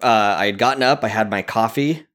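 A man who is a father, co-hosting a casual gaming podcast and telling relaxed, keen stories about his play. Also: on the low side, brisk. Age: adult, a parent. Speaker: podcast co-host.

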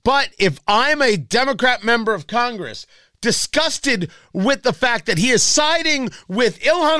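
A man's voice: extremely high pitch, bright, forceful tone, no room sound, clean studio sound. A man hosting a political talk radio show, delivering a sarcastic, mocking monologue full of rhetorical questions. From Indianapolis area.

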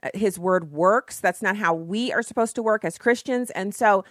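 A woman hosting a talk radio show, her voice scratchy and hoarse, chatting enthusiastically with fillers. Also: mid-range voice, moderate pace, no room sound, studio quality. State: scratchy voice from yelling the day before. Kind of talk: casual talk radio monologue.

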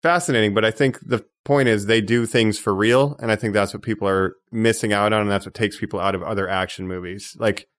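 A man's voice: fairly low pitch, steady tone, brisk, hardly any pauses, a bit bright. A man co-hosting a movie podcast, making emphatic points and mock pleas in casual chat. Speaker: podcast co-host.

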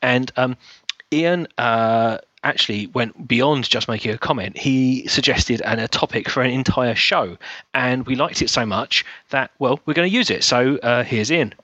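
A man's voice: mid-range voice, a little slow, pushed and bright, no room sound. A man hosting a podcast, teasing his co-hosts in casual chat. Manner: jokey, teasing. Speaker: podcast host. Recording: dull dry recording.

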